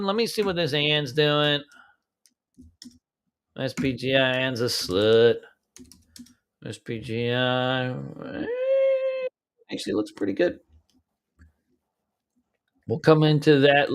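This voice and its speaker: A man hosting a live pre-market trading stream, casual and slangy, humming filler beats as he scrolls through charts. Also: fairly high pitch.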